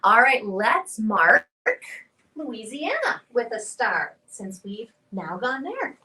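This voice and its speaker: A woman's voice: fairly high pitch, sing-song, slow pace, pushed and bright, far from the mic. A woman hosting a children's storytime, wrapping up in a chatty, enthusiastic way. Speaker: storytime host. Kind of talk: casual wrap-up for children. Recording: voice from off the mic.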